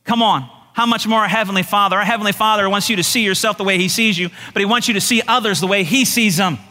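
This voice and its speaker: A middle-aged male pastor preaching a sermon in an animated, folksy way, laughing often. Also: high voice, fast, in a large hall.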